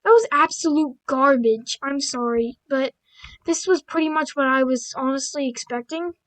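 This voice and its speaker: A woman with a high voice reads simple children's stories aloud in a casual, offhand way. She trips over words, restarts lines, and cuts in with blunt asides. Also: moderate pace, rough recording. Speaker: video creator.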